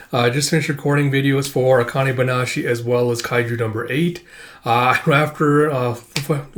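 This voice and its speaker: A man's voice: mid-range voice, a little hiss or hum. A man hosting a casual manga read-through, rambling with many fillers. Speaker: host.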